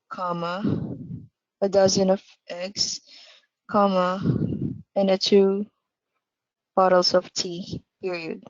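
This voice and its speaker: A woman's voice: medium pitch, dry recording. A woman student on a video call, carefully reading out a sentence and naming each punctuation mark. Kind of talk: answering in an online class. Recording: muffled lo-fi call audio.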